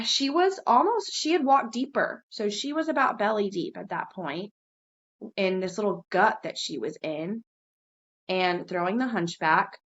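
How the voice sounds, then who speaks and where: A woman co-hosting a podcast, telling a fishing story in casual chat, lively and swearing casually. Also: muffled recording. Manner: animated, jumps high when quoting herself, swears casually. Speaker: podcast co-host.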